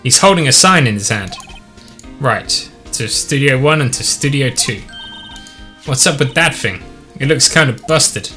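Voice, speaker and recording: A man's voice: mid-range voice, expressive, unhurried, pushed and bright, faint music behind. A man playing a video game and reading its dialogue aloud, with playful asides. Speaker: let's play gamer reading all parts.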